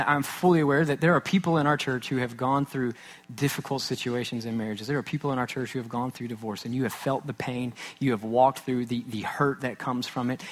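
A man in his thirties preaches a sermon in an earnest, conversational way. His voice sits at an ordinary middle pitch and often sinks to a soft, intense hush for emphasis. He acts out small everyday scenes as he goes. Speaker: pastor.

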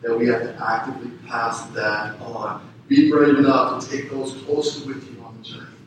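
A man's voice: medium pitch, little pitch movement, moderate pace. A man preaching a sermon as pastor, earnestly exhorting parents and families with repeated calls to action. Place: church sanctuary. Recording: echoey room, voice from a distance with faint noise.

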